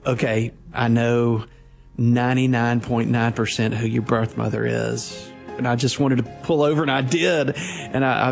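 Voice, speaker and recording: Gravelly man in his fifties telling a personal story. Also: mid-range voice. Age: 50s. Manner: heartfelt, halting with restarts. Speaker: minister.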